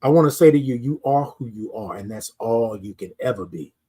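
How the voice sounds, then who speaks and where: A man's voice: medium pitch, animated, fairly quick, mellow, slightly rough. A middle-aged man hosting a morning live stream, preaching self-worth in a repetitive, sermon-like way and greeting viewers in the chat. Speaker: host of a morning live show. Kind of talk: motivational live-stream talk.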